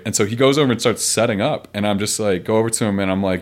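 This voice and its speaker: A man's voice: fairly low pitch, fast, hardly any pauses. A man, a street poet guest on a podcast, telling stories in loose, profane, rambling casual chat.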